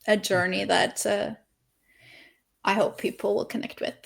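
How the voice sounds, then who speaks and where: A woman's voice: mid-range voice, fairly even intonation, a little slow, gravelly. A woman author being interviewed on a video call, talking earnestly and expressively about her writing, laughing often and thinking aloud. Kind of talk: casual interview chat.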